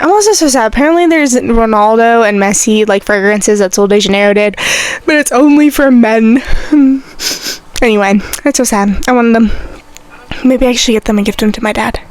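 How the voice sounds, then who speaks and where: A young woman talks through a casual solo podcast, rambling and animated, circling back over the same words. Her voice sits a little high, and the recording is close and dry with almost no room sound. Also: moderate pace, no room sound. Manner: rambling, animated, repeats herself, frequent "like". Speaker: podcast host.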